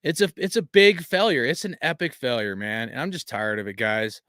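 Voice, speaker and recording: Worn out from a long day, this man hosts a fan stream and rants about his frustrations, swearing and using lots of fillers as he reads chat. He speaks a bit fast with a medium-pitched, expressive, fairly bright voice, captured in studio quality without any room sound.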